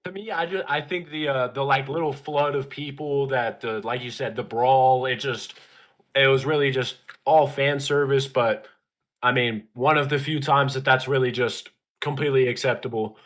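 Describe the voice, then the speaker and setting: A man's voice: mid-range voice, fairly even intonation, moderate pace, a bit bright. A man co-hosting a casual wrestling podcast, giving his opinions in a laid-back, hedging way. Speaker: podcast co-host.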